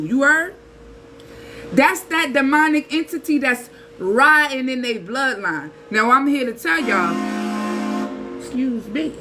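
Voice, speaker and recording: A woman, giving a casual spiritual talk in an animated, preachy way with slang and rhetorical asides. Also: high voice, slight background noise, poor audio. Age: 30s. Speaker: spiritual channel host.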